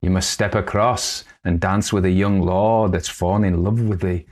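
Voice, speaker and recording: A man with a low-sitting voice plays an eager, foolish young country girl speaking Northern English dialect. At normal speed, she tells her tale with excitement.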